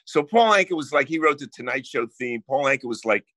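A man's voice: mid-range voice, expressive, fairly quick, bright, forceful tone, no echo. A man with a New Jersey accent, a guest songwriter telling brash stories in casual podcast chat and swearing freely.

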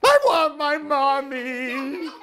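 Tiny baby owlet, very high squeaky whine, tearful and small, as a woman puts him on. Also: extremely slow, a bit bright, full character voice. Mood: whimpering. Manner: squeaky, whiny wail. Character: tiny baby owl boy, whimpering for mother.

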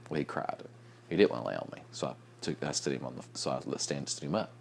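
Young man, very low voice, sleepy and yawning, rambling late-night vlog chat, faint hum behind. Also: fast, gravelly. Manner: rambling, with restarts, soft chuckles. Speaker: vlogger.

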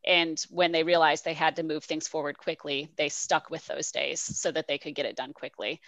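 A woman researcher speaking casually on a university panel, chatty and quick to joke. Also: deep voice, fairly even intonation, fairly bright tone, no echo, poor audio. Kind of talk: panel discussion.

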